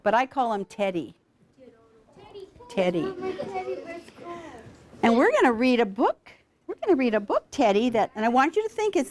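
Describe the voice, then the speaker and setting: Animated woman teaching a class. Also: fairly high pitch. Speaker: literacy program founder teaching students. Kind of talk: classroom instruction with a read-aloud.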